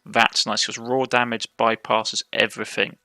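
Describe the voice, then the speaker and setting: A man's voice: mid-range voice, level tone, moderate pace, creaky, bright, forceful tone, no room sound. A man with a Cornish accent playing a game, reading its text aloud and commenting as he goes, often stumbling and correcting himself. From Cornwall, England. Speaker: let's play host.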